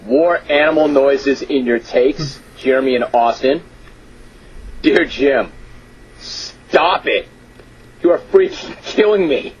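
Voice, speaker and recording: A man hosting a radio sports talk show, reading listener emails aloud with amused disbelief and drawn-out emphasis. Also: medium pitch, highs cut off, a little hiss or hum. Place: radio studio.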